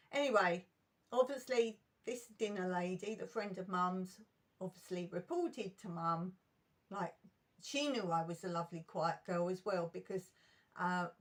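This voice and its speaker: A middle-aged woman recounting school memories in an emotional, animated storytime vlog. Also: lowish voice.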